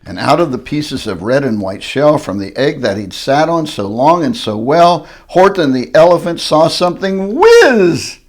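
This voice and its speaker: A man's voice: a little high, very animated, measured pace, hardly any pauses. Older man reading a storybook, sing-song. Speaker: grandfather reading aloud. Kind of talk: reading a picture book aloud.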